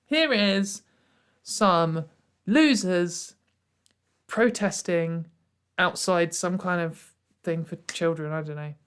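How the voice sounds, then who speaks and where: A woman's voice: fairly low pitch, slow pace, long pauses, clean tone. A woman hosting a casual commentary show, mocking what she reads out and laughing often. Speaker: commentary channel host.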